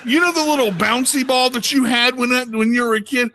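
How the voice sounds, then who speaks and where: A man performing a stand-up comedy routine at a club, telling an animated story and acting out the voices of the people in it. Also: very high voice, a little fast, a little hiss or hum, poor audio.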